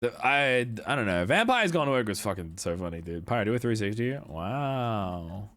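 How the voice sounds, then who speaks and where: A man's voice: medium pitch, very animated, brisk, fairly bright tone. A young man live-streaming a game, chatting casually with his viewers, swearing freely and rambling between jokes. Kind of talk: casual live-stream chat while gaming.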